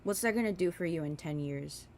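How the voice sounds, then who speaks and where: A woman's voice: fairly low pitch, brisk, a little mellow, a little hiss or hum. Profane, rambling woman ranting casually. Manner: rambling and profane, with many fillers. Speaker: vlogger. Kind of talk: casual ranting while doing makeup.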